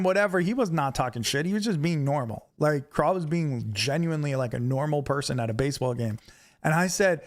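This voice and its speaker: A young New man chats with his stream audience while he plays. His voice sits a little high, and his storytelling runs loose and profane. It climbs in energy whenever he acts out an argument. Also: moderate pace. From New York. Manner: animated, profane, gets loud when retelling confrontations. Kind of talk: casual storytelling to live chat.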